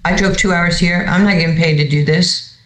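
A coach on a guest spot, spinning a story in conversation and acting out the dialogue as it goes, with frequent repeated words and restarts. The voice sits at a middle pitch and carries a noticeable room echo. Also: brisk. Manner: animated, repeats words, acts out quoted dialogue. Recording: roomy echo.

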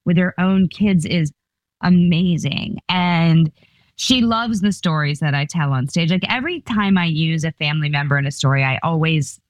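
A woman in her fifties talks as a guest in an interview. Her voice sits low and sounds close and dry. She chats and laughs her way through stories. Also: normal speed, dry recording. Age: 50s. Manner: chatty, laughing, storytelling with playful voices. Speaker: comedian guest. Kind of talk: casual interview chat.

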